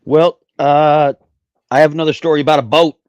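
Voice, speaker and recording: A man talking on a podcast in a dry, deadpan and sarcastic way. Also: a little high, brisk, no echo. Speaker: podcast co-host. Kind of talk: casual chat.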